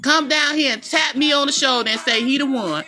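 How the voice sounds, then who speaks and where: A woman's voice: high voice, a little fast, a loud crowd. A middle-aged woman delivering a blunt, profane personal rant straight to the listener, calling them baby and boo. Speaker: vlogger.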